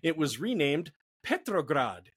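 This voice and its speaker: A man's voice: on the high side, unhurried, husky, dry recording. A man as a podcast guest, telling history in a casual, jokey way. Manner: animated, jokey storyteller.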